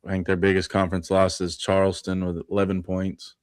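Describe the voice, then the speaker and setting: Low-voiced guy chatting basketball stats on a live show, dry close mic. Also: completely flat delivery, dry recording. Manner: runs through stats in quick lists, laughs often. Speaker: podcast co-host. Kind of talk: casual sports talk.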